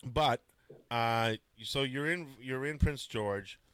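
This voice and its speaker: A man's voice: medium pitch, slow, a bit bright, clean tone, no room sound. A man hosting a podcast, introducing a guest and asking questions in hesitant casual chat. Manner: hesitant, many fillers. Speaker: podcast host. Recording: dry close sound.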